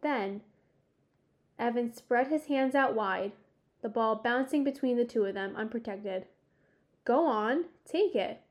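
A woman narrating a children's sports story in a measured, expressive storytelling way. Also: a little high. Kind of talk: audiobook narration.

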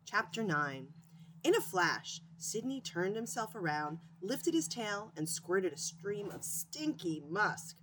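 A woman reading a children's chapter book aloud to students, with an expressive, animated delivery. Her voice swoops up and down with lots of movement. Faint hiss sits underneath the recording. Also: mid-range voice, takes it slowly. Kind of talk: storybook read-aloud.

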